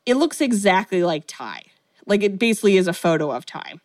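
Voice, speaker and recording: A woman's voice: medium pitch, big pitch swings, fairly quick, darkish tone. A woman casually recapping a film plot, storytelling animatedly with lots of "like" and acted-out quotes. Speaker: podcast co-host recapping a film. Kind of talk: casual chat.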